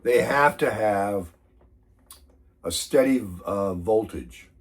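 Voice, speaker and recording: An American man, sick and congested with a hoarse voice, telling a rambling, grumbling story in a casual morning chat. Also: on the low side, lively intonation, slow. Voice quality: husky. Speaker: vlogger.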